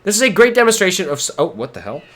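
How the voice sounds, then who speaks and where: Excitable man streaming a game. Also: sits high, racing. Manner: excitable, swears and laughs often. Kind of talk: casual gameplay commentary.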